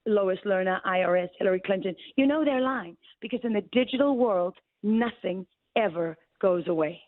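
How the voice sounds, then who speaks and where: A mid-pitched woman who is a guest on talk radio makes her case with urgent emphasis. Her voice comes over a narrow, phone-like line with a dry, close sound. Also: moderate pace, dry recording. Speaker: guest journalist.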